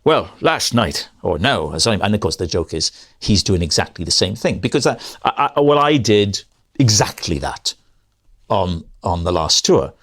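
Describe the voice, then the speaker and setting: A man's voice: on the low side, expressive, normal speed, fairly bright tone. A middle-aged male comedian chatting as a podcast guest, telling rambling anecdotes and correcting himself often. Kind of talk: casual podcast chat.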